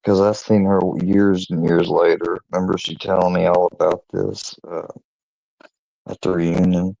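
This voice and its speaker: A man casually telling a personal story to his channel, in a meandering, halting way with many restarts. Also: low voice, level tone, creaky, warm tone, poor audio. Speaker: channel owner.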